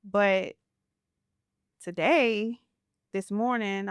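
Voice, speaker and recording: A woman podcast host speaking slowly and reflectively in a relaxed chat. Her voice is smooth and clear, mid-pitched, and the sound is dry and close, with no room echo. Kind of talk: casual podcast conversation.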